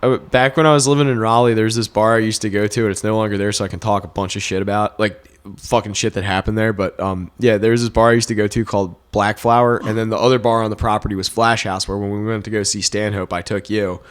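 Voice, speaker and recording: A man's voice: lowish voice, little pitch movement, quick pace, clear, resonant tone. A man co-hosting a casual podcast, telling rowdy stories full of swearing and laughter. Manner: swearing storyteller, laughs a lot, loud when acting out quotes. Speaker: podcast co-host. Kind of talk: casual chat.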